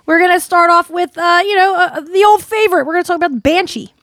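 A woman's voice: extremely high pitch, quick pace, a bit bright, dry recording, clean studio sound. A woman co-hosting a casual podcast chat, laughing often and rambling loosely. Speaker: podcast co-host.

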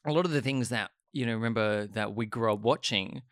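A man's voice: on the low side, fairly quick, no room sound. Young man, writer-host, dry close sound, hesitant musings. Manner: thoughtful, hesitant with fillers. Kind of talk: casual conversation.

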